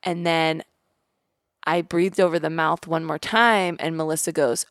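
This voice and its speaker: An animated woman recounts a personal story, slipping into the voices of the people she quotes. Her voice sits a little low for a woman, and the recording is dry and close, with no room sound. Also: unhurried, no room sound. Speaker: podcast guest. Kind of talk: casual storytelling interview.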